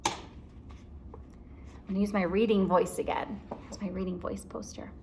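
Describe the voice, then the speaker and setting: A woman teacher reading a story aloud to children, explaining it slowly and expressively. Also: medium pitch, little pitch movement, vocal fry, background noise.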